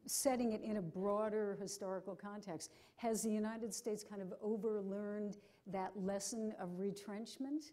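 A woman interviewing a guest at a forum, framing her questions haltingly. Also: medium pitch, steady tone, mellow. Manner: hesitant, with fillers and restarts while framing questions. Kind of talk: forum conversation.

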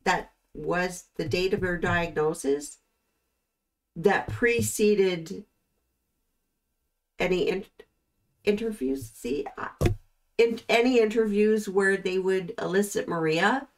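A woman hosting her own channel, commenting in a slow, thoughtful and puzzled way on courtroom footage, with frequent pauses. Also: mid-range voice. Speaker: host reacting to trial footage. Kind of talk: casual commentary.

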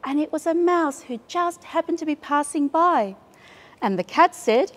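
Australian woman, storytime host, animated, high voice, reverberant room. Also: a little hiss or hum. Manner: animated, drawn-out, playful. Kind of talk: children's storytime reading. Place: library.

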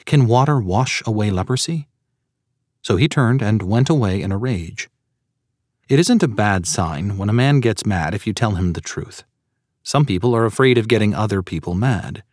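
A man's voice: on the low side, lively intonation, moderate pace, darkish tone, no echo, clean studio sound. A man narrating a sermon audiobook in an earnest, preaching tone and citing scripture verses.

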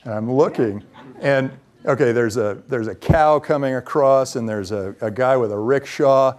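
Man, venture capitalist, lively storyteller, mid pitch, lots of ums and restarts. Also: normal speed. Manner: lively storyteller who acts out quoted dialogue. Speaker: venture capitalist giving a talk. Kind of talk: anecdotal lecture to students.

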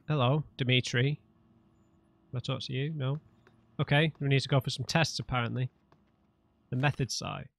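A man's voice: medium pitch, fairly even intonation, normal speed, creaky, pauses often, fairly bright tone, no room sound. A man, chatting casually while playing a game, with wry asides. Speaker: let's play gamer. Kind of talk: casual gameplay commentary.

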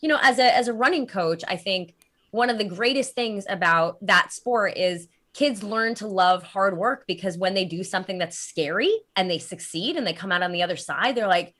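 A woman's voice: mid-range voice, moderate pace, fairly bright tone. A woman in her thirties, a running coach and guest author, talking earnestly and thoughtfully in casual podcast chat. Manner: earnest, thoughtful, frequent ums.

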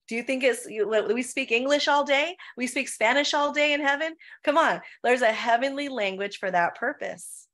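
A woman's voice: sits high, normal speed, hardly any pauses, a bit bright. A woman pastor of Filipino heritage, preaching in a church Q&A with emphatic rhetorical questions, often saying "right?" and "come on.". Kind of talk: preaching in a Q&A session.

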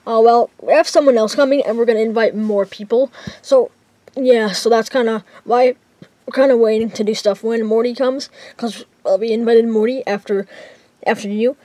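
A woman's voice: on the high side, fairly even intonation, moderate pace, mellow, dry recording. Rambling woman voicing a toy skit. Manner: rambling, many fillers. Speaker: creator voicing several toy characters. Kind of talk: casual toy skit role-play.

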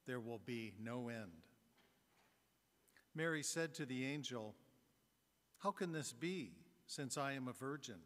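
Deacon reading scripture in a reverberant church. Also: male voice, medium pitch, a bit bright. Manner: measured, formal reading. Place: large church.

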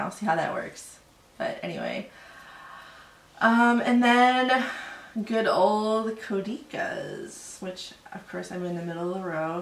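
A woman in her thirties, co-hosting a casual knitting podcast, chatty and quick to laugh, still a little sick. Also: mid-range voice, vocal fry, recorded from a distance. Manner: chatty, laughing, self-deprecating. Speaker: podcast co-host. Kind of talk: casual chat about knitting. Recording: roomy echo, voice a bit off-mic.

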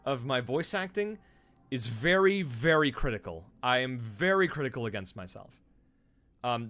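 A man's voice: medium pitch, a bit bright. A man who streams and voice-acts, chatting casually with his viewers in a rambling, self-deprecating way, full of fillers and restarts. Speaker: streamer and voice actor.

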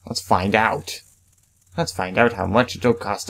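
This young man's lowish voice is animated, a bit bright and husky, with vocal fry and a measured pace. Hosting a let's play, he chats casually during gameplay, reads the game's text aloud, and makes playful exclamations.

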